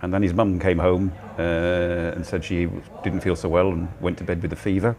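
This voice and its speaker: A man's voice: low voice, level tone, normal speed, darkish tone. An older man hosting a casual livestream from a cafe, chatting in a rambling way while he eats, recorded on a phone on a gimbal. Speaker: livestream host. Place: cozy cafe, indoors. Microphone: phone on a handheld gimbal.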